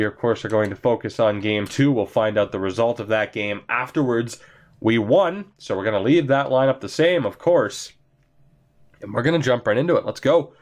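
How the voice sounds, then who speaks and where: A man commentating his own hockey video game play, chatty and excitable, laughing often, while getting over being sick. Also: mid-range voice. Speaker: gaming commentator.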